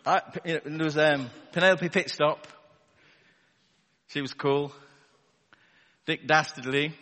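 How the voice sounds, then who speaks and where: Male preacher, slightly high voice, chatty and wry with rhetorical asides, live in a big echoing church hall. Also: fairly even intonation, measured pace, bright, forceful tone. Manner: conversational and wry, asks the congregation rhetorical questions. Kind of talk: sermon. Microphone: wireless battery microphone. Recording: long reverb of a large hall.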